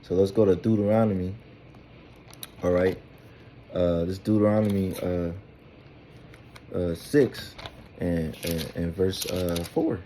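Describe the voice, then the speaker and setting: A man's voice: sits low, fairly even intonation, takes it slowly, pauses often, dark tone, a little hiss or hum. A man giving a loose, informal scripture lesson who keeps asking "all right?" and rambles with fillers and repeated words. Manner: tags nearly every phrase with "all right?". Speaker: Bible teacher.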